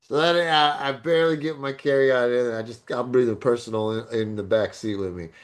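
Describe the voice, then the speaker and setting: A man of middling pitch tells a rambling road story on a casual podcast. He laughs often and peppers the chat with crude banter. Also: fairly even intonation, a little fast. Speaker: podcast co-host.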